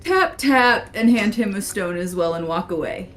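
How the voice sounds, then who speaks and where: A woman's voice: medium pitch, animated, normal speed, a bit bright. A woman playing in a tabletop game, talking in a playful, giggly way. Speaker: player. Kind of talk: casual tabletop play.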